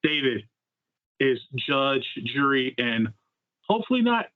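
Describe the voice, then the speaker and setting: A man's voice: mid-range voice, big pitch swings, measured pace, no echo. A man co-hosting a gaming podcast in casual chat, talkative and upbeat with playful puns. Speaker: podcast co-host. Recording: tinny phone-like line, dry.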